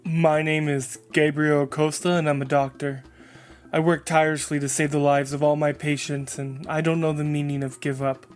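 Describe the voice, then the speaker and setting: A man's voice: fairly high pitch, little pitch movement, normal speed, faint music behind, natural voice. A man voicing a tireless, determined male doctor with a dry, wry manner.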